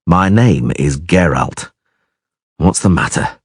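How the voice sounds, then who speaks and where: Storybook monster hunter, gruff and curt, lowish husky voice, as a man reads him. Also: lively intonation, slow, dry recording, full character voice. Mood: stern. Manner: stern, dry, curt. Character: gruff, stern, weary male monster hunter.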